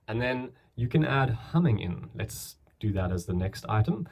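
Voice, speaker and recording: A young man with a slightly husky voice talks a viewer through beatbox sounds into his camera mic. He is relaxed and chatty, and his explanations wander and restart as he goes. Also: medium pitch, normal speed, hardly any pauses, soft background music. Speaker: beatbox teacher. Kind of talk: casual tutorial. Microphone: camera mic, filming himself.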